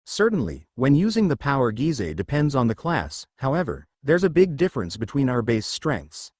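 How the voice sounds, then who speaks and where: A man's voice: mid-range voice, huge pitch swings, normal speed, a little mellow, breathy edge, no echo. A man voicing an overpowered young demon king who talks in a lazy, teasing, offhand way.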